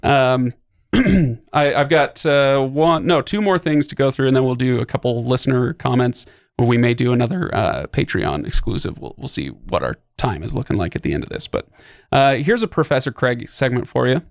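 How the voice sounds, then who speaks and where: Man, podcast host, gravelly voice, dry close sound, rambling explanations. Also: mid-range voice, moderate pace, no echo. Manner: explains at length with many fillers and restarts. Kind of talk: casual podcast discussion.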